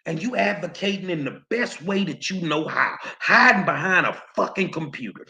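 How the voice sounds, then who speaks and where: A man's voice: a little high, expressive, normal speed, creaky, bright, forceful tone. A man hosting his own show, delivering heated, profane commentary straight at his viewers, confrontational and stumbling over repeated words. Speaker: show host.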